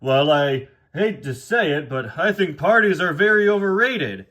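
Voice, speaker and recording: A man's voice: fairly high pitch, expressive, moderate pace, a bit bright. A man voicing a pompous, haughty male express engine.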